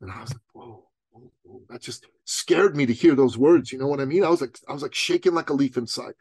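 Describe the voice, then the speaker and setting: A man's voice: mid-range voice, fast, a little mellow, breathy edge, no echo. A middle-aged man from Iran, a guest telling a motivational story in conversation, emphatic and full of rhetorical questions. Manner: streetwise, calls the host "bro".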